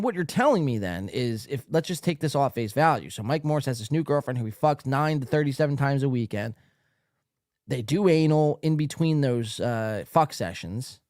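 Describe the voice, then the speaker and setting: A male podcast host giving loud, profane, mocking commentary on a live stream, laughing often, tired late at night. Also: fairly high pitch, no room sound, clean studio sound.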